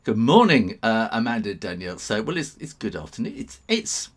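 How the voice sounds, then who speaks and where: A man's voice: on the low side, wildly swooping pitch, brisk. Casting: middle-aged man, live-stream host, rambling and chuckling, voice rises and falls a lot. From England. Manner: chatty, chuckling, rambling asides. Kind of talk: casual live-stream chat.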